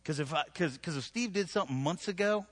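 A middle-aged man preaching a live sermon in a conversational, joking way, his voice climbing high when he stresses scripture. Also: fast. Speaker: pastor.

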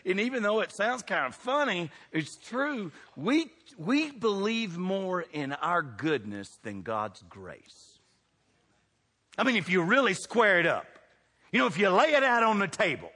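High-voiced, lively preacher. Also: male voice. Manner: preaching with wide swings of pitch and loudness, calling out to the congregation. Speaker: pastor. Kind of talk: sermon. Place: church sanctuary. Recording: long hall reverb.

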